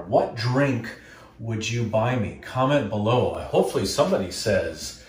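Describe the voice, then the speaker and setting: A man's voice: fairly low pitch, animated, moderate pace, roomy sound. A man teaching a guided yoga class, cueing breath and poses and joking between them. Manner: playful, cues breathing and poses. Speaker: yoga instructor. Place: indoor room before a green screen.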